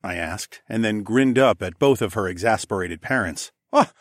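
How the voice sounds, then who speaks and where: Male narrator, low voice, dry close recording, first-person fantasy audiobook, lively, swears casually. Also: moderate pace, no room sound.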